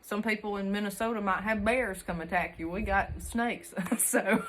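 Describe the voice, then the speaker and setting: This homesteading vlogger, a young Southern-accented woman from Alabama, recounts her country upbringing for viewers in a relaxed talk to the camera. Her mid-range voice is a bit bright and unhurried. She chats in a folksy way, laughing a lot and dropping country sayings.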